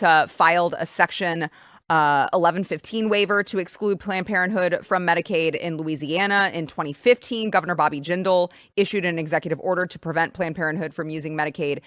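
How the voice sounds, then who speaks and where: A woman's voice: lowish voice, a bit bright, no echo, clean studio sound. Sarcastic woman hosting political talk. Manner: sarcastic, mocking. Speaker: political talk show host. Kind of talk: opinionated commentary.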